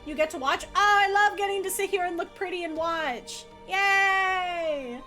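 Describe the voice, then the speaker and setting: High-voiced excitable woman streamer. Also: a little slow, faint music behind. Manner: excitable, laughs often, loud playful outbursts. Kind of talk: casual livestream gameplay commentary.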